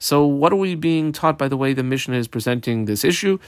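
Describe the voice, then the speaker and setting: A man's voice: medium pitch, expressive, fairly quick, clear, resonant tone, no room sound, studio quality. A man teaching a Talmud page in a casual, explaining way, translating Hebrew and Aramaic terms into plain English as he goes.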